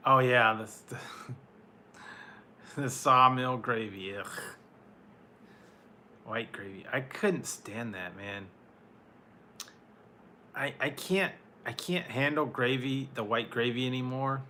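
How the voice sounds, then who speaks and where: A man's voice: mid-range voice, slow pace, long pauses, pushed and bright, a little hiss or hum. A man reviewing food, chatting with his live-stream viewers in a loose, rambling way, with lots of fillers and small laughs. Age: adult, once married. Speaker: food reviewer answering chat. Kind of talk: casual live-stream chat.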